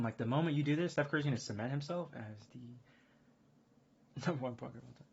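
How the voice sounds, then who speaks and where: A man streaming casual chat, rambling and excitable, full of fillers and restarts. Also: mid-range voice, a little fast, husky. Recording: dull lo-fi stream audio.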